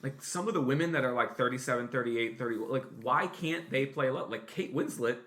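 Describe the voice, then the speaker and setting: A podcast co-host in his late thirties who talks in loose, rambling bursts, full of ums and restarts, and swears offhandedly. His voice has a bright, forward edge, pitched at an ordinary middle height for a man. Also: fairly quick. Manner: rambling, many fillers and restarts; swears casually. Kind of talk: casual chat.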